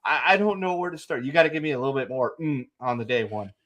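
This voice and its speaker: Brief: male co-host, mid-pitched, rambling jokey delivery, casual swearing. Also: animated, fast talker, fairly bright tone. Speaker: podcast co-host. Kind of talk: casual chat.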